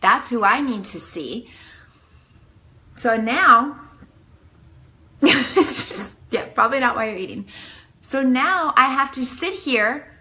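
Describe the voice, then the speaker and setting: Bright, animated woman vlogger. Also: sits high, low-quality recording. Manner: animated, dramatic, peppered with "like". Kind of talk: casual storytelling to camera.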